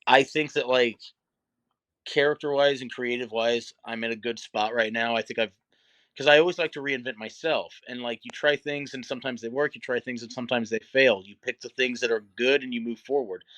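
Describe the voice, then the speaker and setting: A man's voice: mid-range voice, steady tone, fairly quick, a bit bright, no echo. A middle-aged man, a wrestler guest, talking candidly and reflectively in a casual interview, with many fillers.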